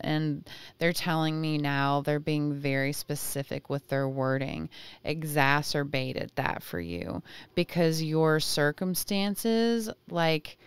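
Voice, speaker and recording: A woman's voice: low voice, smooth, dry recording. A woman giving a casual intuitive tarot reading, chatty and often searching for words. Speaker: tarot reader.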